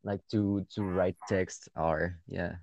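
A man in casual chat, speaking hesitantly with many pauses and restarts. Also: sits low, little pitch movement, creaky, a little mellow, dry recording.

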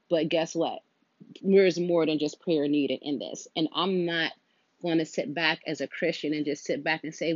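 Emotional woman venting, low voice. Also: no echo, muffled recording. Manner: heavy, emotional, venting, earnest. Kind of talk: personal monologue.

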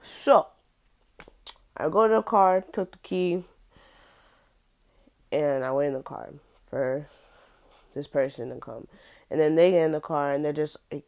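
A young woman telling a personal story in a casual, halting way, full of fillers and restarts. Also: low-pitched, darkish tone.

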